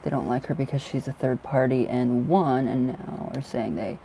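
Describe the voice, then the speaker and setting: A drowsy man chats with his viewers at an ordinary pitch, laughing often and letting sentences trail away. He sounds worn out, and faint ambient noise hums under his voice. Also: steady tone, moderate pace, creaky, mellow. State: tired and drowsy. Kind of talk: casual chat with viewers.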